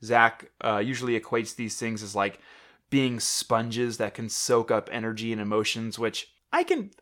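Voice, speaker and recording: A man's voice: on the low side, expressive, moderate pace, a bit bright. A young man co-hosting a casual chat, rambling and joking with lots of fillers and restarts. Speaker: podcast co-host.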